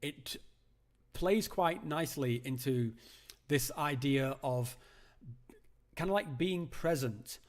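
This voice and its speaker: A man's voice: fairly high pitch, slow pace, long pauses. A man hosting a live call-in stream from home, chatting casually and rambling with lots of fillers and restarts. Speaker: host of a live call-in show.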